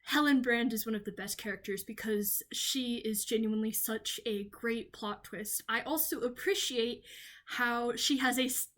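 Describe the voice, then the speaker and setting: Young woman, from the Southern US, rambling video essay, lots of ums, eager, a little high. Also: moderate pace, fairly bright tone. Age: young adult. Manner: rambling with frequent ums and restarts; enthusiastic, gushing. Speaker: video creator.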